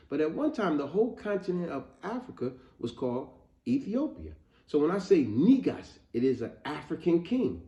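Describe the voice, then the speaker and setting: A man hosting an educational video, telling history in a casual, animated way and calling his viewers family. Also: mid-range voice. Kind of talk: casual spoken history lesson. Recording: roomy, slightly muffled home recording.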